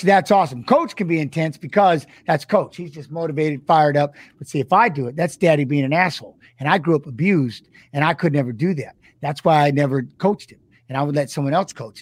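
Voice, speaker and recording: A middle-aged man telling an emotional story, halting and repeating himself, close to tears. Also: fairly high pitch, dry recording. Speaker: former fighter and guest.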